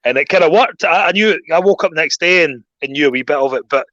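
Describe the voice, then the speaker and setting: A Scottish man telling stories in a casual chat, getting animated and raising his voice when he rants. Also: a little high, fast, no echo, lo-fi sound. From Scotland. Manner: animated storyteller, voice jumps up when ranting. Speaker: guest.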